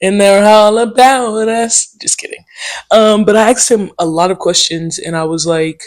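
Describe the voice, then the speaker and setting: A woman hosting her own podcast, telling stories in a loose, slangy and profane way, with lots of "um" and "okay?" asides. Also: mid-range voice. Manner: animated, with quick asides and mimicked quotes. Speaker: podcast host. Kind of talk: casual solo podcast storytelling.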